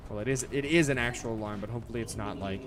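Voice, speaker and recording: A man's voice: lowish voice, rapid-fire. A young man streaming a game, rambling casually with lots of swearing, restarts and "bro". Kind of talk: casual gameplay commentary.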